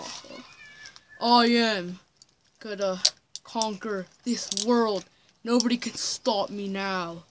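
A woman's voice: on the high side, darkish tone, a little hiss or hum. A woman voicing a boastful, threatening evil old grandpa in improvised game role-play, with gloating lines and cackling laughs.

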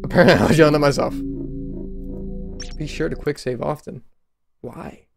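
A man giving sarcastic, exasperated let's play commentary, often yelling at the game. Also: fairly high pitch, moderate pace, creaky, over music. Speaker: gaming channel host.

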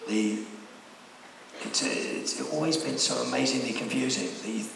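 A man with a gravelly, creaky voice, answering fan questions in a wry, rambling way. He sounds distant, his words bouncing around a huge hall with a long reverb tail and steady noise underneath. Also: medium pitch, a little slow. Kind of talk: convention panel Q&A. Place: large convention hall. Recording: echoey hall heard from afar.

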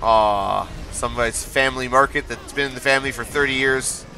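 A man streaming live gameplay, excitable, laughing often and trash-talking the enemies on screen. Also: mid-range voice, fairly quick, a little hiss or hum. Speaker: game streamer.

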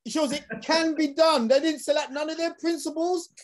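A man's voice: extremely high pitch, fairly even intonation, fairly quick. A man hosting a live online talk, addressing his audience in a rousing, preacher-like way over a video call. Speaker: host. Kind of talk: energetic live show hosting.

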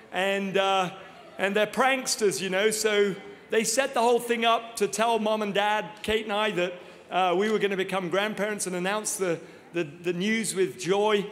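A man in his fifties preaching a sermon full of funny personal stories, animated and self-deprecating, laughing often. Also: high voice, moderate pace. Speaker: guest preacher. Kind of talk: humorous storytelling sermon. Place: large church auditorium. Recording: long reverb of a large hall.

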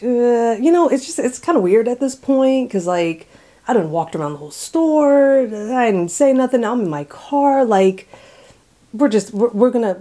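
A woman recounts a personal story in a relaxed, conversational way. Her voice sits in a middle pitch and has a warm, mellow tone. She laughs often and slips into soft, hushed asides.

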